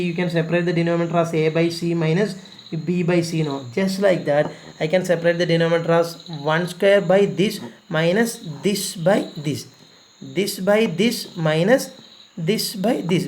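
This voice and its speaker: A man's voice: on the high side, normal speed, a little mellow, slight background noise. A man teaching a recorded math lesson, explaining patiently step by step, repeating himself and pleading with students to practise.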